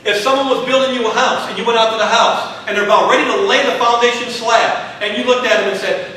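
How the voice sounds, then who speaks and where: A man teaching a college class with a Texan accent, lively and questioning the students, acting out little exchanges as he goes. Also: very high-pitched, fast talker, hardly any pauses, a little hiss or hum. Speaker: college instructor. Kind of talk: classroom lecture. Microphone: far room mic. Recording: echoey classroom from far off.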